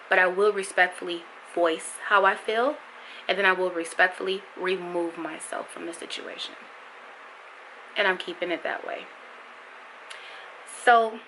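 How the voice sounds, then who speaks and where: A young woman talks to her camera about raising her son, frank and emotional, with a bright, forward voice. A light background hum sits under her words. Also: mid-range voice, poor audio. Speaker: vlogger, mother. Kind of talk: candid vlog monologue.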